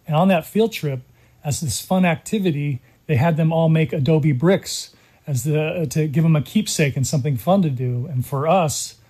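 A middle-aged man from California, telling his story in an earnest, measured way as an interview guest. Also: a little high, darkish tone. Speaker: guest, documentary creator. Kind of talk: interview conversation.

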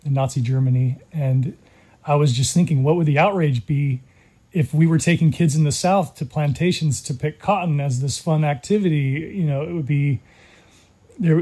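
A middle-aged man from California, telling his story in an earnest, measured way as an interview guest. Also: fairly high pitch, mellow, slightly rough. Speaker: guest, documentary creator. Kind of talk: interview conversation.

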